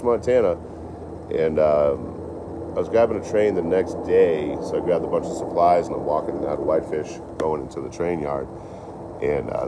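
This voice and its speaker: Young man, very deep voice, rambling profane storytelling, casual live chat, outdoor phone recording, steady background noise. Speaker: train-hopping traveler vlogger.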